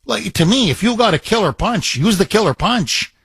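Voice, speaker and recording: A man hosting a call-in talk radio show from the studio, his voice sitting a little high. He talks emphatically, hammering points with repeated lines and rhetorical questions. The sound is close and dry. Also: lively intonation, moderate pace, gravelly, a bit bright, breathy edge, no echo. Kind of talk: talk radio, taking calls.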